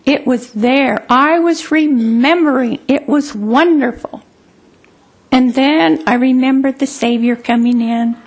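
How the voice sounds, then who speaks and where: A woman recounts a personal memory to an audience in a high, light voice. She speaks slowly and deliberately, repeating words for emphasis and drawing out the vivid moments. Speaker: storyteller. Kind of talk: personal storytelling talk.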